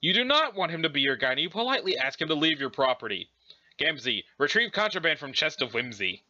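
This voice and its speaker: A man reading a web comic aloud and tossing in sardonic, profane asides. His voice is high, bright and very animated. The recording sounds dull and lo-fi. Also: fast. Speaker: comic reader. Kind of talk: comic read-aloud with commentary.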